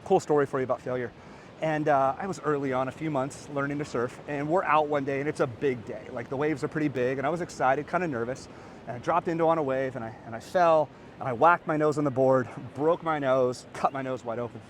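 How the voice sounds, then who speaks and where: A man in his thirties, a podcast host and coach, giving an energetic, earnest motivational talk to camera outdoors by a beach. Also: mid-range voice, brisk, a little hiss or hum. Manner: energetic, animated and earnest, rising to excited peaks.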